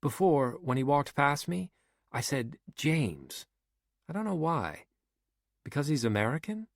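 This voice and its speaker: A man's voice: on the high side, very animated, measured pace, vocal fry, dry recording, studio quality, pitched above the performer's own voice, full character voice. A man doing a pleasant, cool young woman. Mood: recounting. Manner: pleasant, light.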